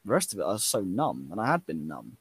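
A man's voice: deep voice, very animated, quick pace, slightly rough, no echo. A man, talking earnestly and from the heart in a casual chat, his voice rising whenever he quotes himself. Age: 30s.

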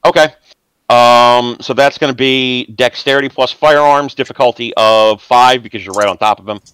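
A man narrating as game master of a tabletop role-playing game, casual and halting, with many restarts. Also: medium pitch, fairly even intonation, a bit bright, clean tone, no room sound, low-quality recording.

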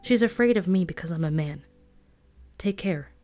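A woman voicing a tired, worried young man who speaks quietly and earnestly. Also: lowish voice, expressive, moderate pace, soft background music, close to an everyday voice.

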